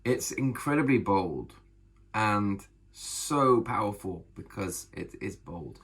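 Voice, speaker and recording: A man, an author, talking casually to camera about bold storytelling, enthusiastic and emphatic, with a gravelly, husky voice. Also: on the low side, expressive, slow, fairly bright tone. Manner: enthusiastic, emphatic, repeats phrases. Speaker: author and vlogger.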